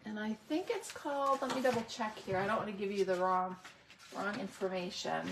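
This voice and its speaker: A middle-aged woman walks through new craft supplies at an unhurried pace. She gets excited over each piece and stops to search for the right word. A faint hiss sits under her voice. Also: mid-range voice. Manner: enthusiastic, gushing over products; thinks aloud, pauses to find words. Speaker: crafting video host. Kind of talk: unboxing product demo.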